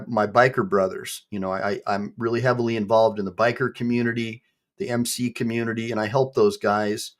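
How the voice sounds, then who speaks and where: Man hosting a law reaction video. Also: lowish voice. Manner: conversational, with frequent ums and you-knows. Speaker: attorney, channel host.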